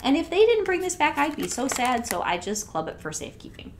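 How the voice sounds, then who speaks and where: A woman's voice: high voice, big pitch swings, a little fast, background noise. Gushing chatty woman reviewing products. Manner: gushing and chatty, drifting into soft near-whispers. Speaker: scent consultant and channel host. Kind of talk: casual product review vlog.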